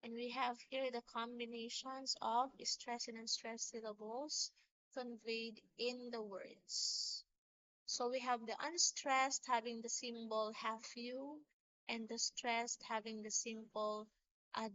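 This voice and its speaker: A woman teacher giving a recorded lecture on poetry, explaining slowly and deliberately with small restarts. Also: fairly high pitch, flat delivery, sharp tone, lo-fi sound.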